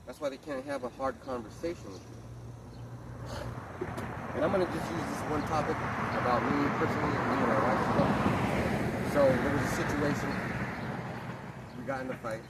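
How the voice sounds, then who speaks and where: A man holds forth in a rough street-sermon style, blunt and profane and always driving his point home. He sounds set back from the microphone. Loud outdoor traffic noise rumbles around him. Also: animated, moderate pace, pauses often, distant mic. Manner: emphatic and crude, heavy profanity. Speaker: lay preacher.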